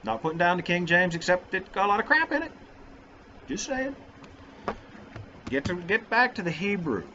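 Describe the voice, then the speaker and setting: A man's voice: high-pitched, very animated, moderate pace, pauses often, pushed and bright, slight background noise. A middle-aged man talking on his own vlog about faith in a casual, rambling, self-mocking way. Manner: rambling, goofy, self-deprecating. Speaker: vlogger. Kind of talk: casual religious vlog talk. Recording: dull lo-fi sound.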